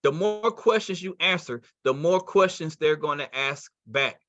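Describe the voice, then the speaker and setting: A man's voice: fairly high pitch, animated, a little slow, a bit bright, dry recording, dull audio. A man running a live sales training call, acting out both sides of phone invitations. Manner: coaching, acts out both sides of calls.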